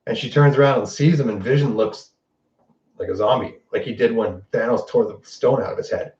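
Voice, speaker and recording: Male podcast host, mid-pitched, rambling spoiler recap with curses, recorded off-mic in a roomy space. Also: far from the mic, lo-fi sound. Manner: excited, profane retelling with quick quoted lines.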